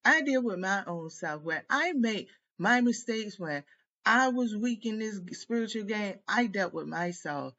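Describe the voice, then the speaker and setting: A woman's voice: mid-range voice, expressive, measured pace, bright, forceful tone, dull audio. A woman tarot reader delivering a heated, profane, rambling rant straight to camera. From United States. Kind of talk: venting monologue to camera.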